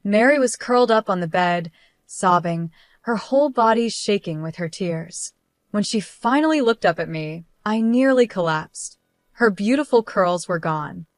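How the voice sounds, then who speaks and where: A woman narrates a dramatic first-person story with strong emotion. Her pitch is middling and steady. The recording is dry and close. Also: a little slow, no room sound.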